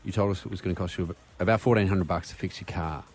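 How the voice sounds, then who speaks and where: A man's voice: sits low, steady tone, racing, husky. A man co-hosting a radio show, bantering playfully and joking with callers. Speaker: radio co-host. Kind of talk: casual radio chat.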